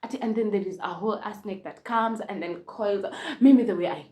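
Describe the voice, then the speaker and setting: A young Kenyan woman telling a casual storytime, switching between Swahili and English, animated and laughing often. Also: medium pitch, brisk. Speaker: vlogger.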